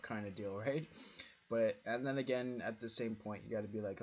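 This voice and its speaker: A man's voice: fairly low pitch, fairly quick, a little mellow. A man streaming a game from home, chatting in a casual, rambling way with lots of fillers and free swearing. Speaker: gaming streamer. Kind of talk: casual rambling chat while playing. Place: at home with dogs nearby.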